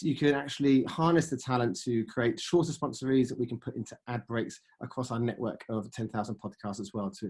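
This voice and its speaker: Man in his forties pitching ad products. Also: a little mellow, breathy edge. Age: 40s. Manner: pitching, with fillers, trailing off at ends. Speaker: ad sales presenter. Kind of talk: business presentation.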